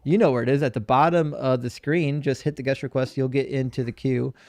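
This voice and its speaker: A man's voice: mid-range voice, steady tone, fairly quick, darkish tone, no echo. A man hosting a live call-in debate show, blunt and needling with his callers.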